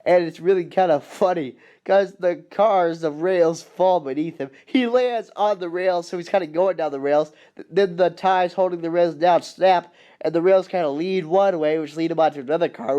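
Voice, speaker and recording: An excitable man rambles through a casual recap of a film he loves. His voice is mellow and soft-edged, pitched a little high. He restarts sentences and fills gaps as he goes. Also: clean tone, muffled recording.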